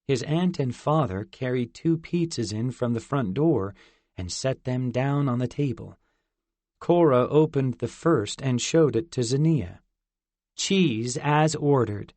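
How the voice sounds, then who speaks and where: A man narrating a novel in an even storytelling manner. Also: medium pitch, a little slow, dry recording. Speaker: audiobook narrator. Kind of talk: scripted narration.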